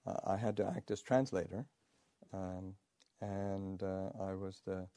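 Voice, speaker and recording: Low, mellow-voiced monk telling a story. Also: male voice, fairly even intonation, no echo. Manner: halting, many pauses and fillers, chuckling storyteller. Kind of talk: anecdotal dharma talk.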